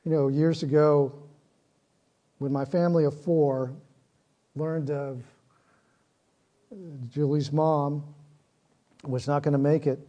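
A man's voice: on the high side, level tone, takes it slowly, long pauses, highs cut off. A man preaching a sermon, earnest, with repeated phrases that build in intensity. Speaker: pastor.

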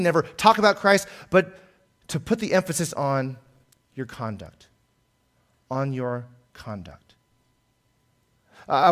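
Earnest preaching man, higher-pitched voice. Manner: earnest preaching, swells louder on key points then drops soft. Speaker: pastor. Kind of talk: sermon.

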